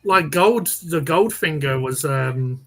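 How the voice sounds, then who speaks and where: A man's voice: fairly high pitch, expressive, slow, crowd noise. Laid-back joking Englishman. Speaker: host. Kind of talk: casual livestream chat.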